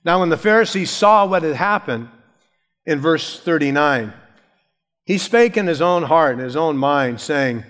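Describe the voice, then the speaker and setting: A man's voice: a little high, expressive, measured pace, fairly bright tone. Man preaching in an echoing hall. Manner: conversational, storytelling with asides. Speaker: pastor. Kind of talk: sermon.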